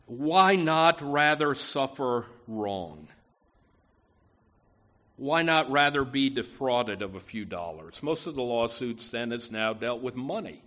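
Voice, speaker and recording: A man's voice: mid-range voice, animated, slow pace, pushed and bright. A man preaching a sermon, emphatic, often adding "you know" asides, with words that swell and drop.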